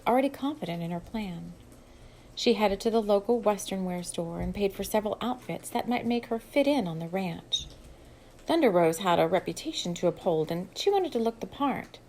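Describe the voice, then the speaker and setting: A woman's voice: lowish voice, darkish tone, a little hiss or hum, low-quality recording. A woman steadily reading her own novel aloud as an audiobook. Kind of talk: audiobook narration.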